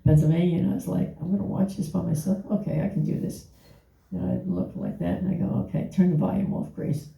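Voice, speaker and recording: An older woman with a low, gravelly, mellow voice tells rambling family stories between chuckles. She is picked up from a distance, and the live room rings around her. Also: fairly even intonation, quick pace. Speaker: guest, the host's mother. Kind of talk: casual onstage conversation. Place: live stage before an audience. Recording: echoey live venue from far off.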